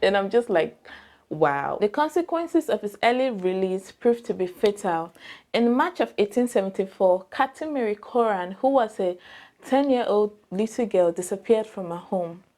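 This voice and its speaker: Young nigerian woman chatting through a true crime story, soft warm tone, keeps asking the viewers stuff. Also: medium pitch, expressive, moderate pace. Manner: chatty, digressive, asks viewers questions. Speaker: true crime channel host.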